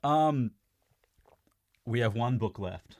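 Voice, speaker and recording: A man's voice: medium pitch, expressive, slow pace, a little mellow. A man on a casual podcast, retelling a story in a rambling way, swearing and laughing as he goes.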